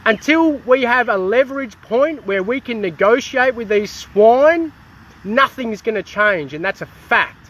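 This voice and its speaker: A man's voice: very high voice, animated, measured pace, a bit bright, slight background noise. An Australian man in a casual activist rant, heated and swearing, with many restarts, recorded outdoors in a town.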